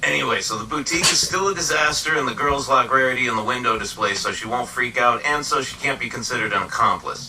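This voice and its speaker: A man narrating a comedic parody recap, doing every character in the same deadpan slangy, swearing bro voice. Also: medium pitch, distant mic, a little hiss or hum, rough recording.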